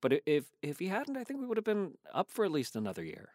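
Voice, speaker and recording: A man's voice: fairly high pitch, fast talker, no room sound. Man telling stories in dry sound. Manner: animated storyteller, quotes others in changed voices. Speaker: actor guest. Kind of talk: casual interview chat.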